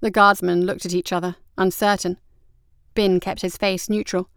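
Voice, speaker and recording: Clear-voiced woman narrating a story. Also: fairly low pitch, little pitch movement, moderate pace, fairly bright tone, no room sound, studio quality. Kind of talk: audiobook narration.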